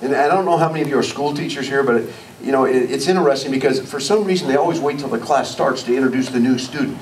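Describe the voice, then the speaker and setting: Fast-talking man telling stories to an audience. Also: medium pitch. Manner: storytelling, asks audience questions. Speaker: motivational speaker. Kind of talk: live leadership training talk. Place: meeting room with audience. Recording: distant mic in a room, faint noise.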